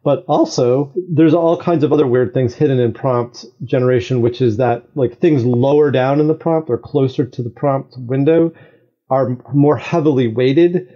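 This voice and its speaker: A man talking as a podcast guest, explaining at length in an animated way and often checking in with "right?". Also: medium pitch, moderate pace, dull audio. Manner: animated, talks in long explanations with frequent "right?". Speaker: guest, AI games designer. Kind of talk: conversational explanation.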